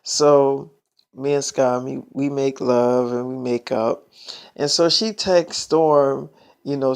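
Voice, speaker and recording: A man's voice: medium pitch, steady tone, slow pace, vocal fry, clean tone. A young man telling a personal story in a casual way, blunt and slangy with plenty of profanity.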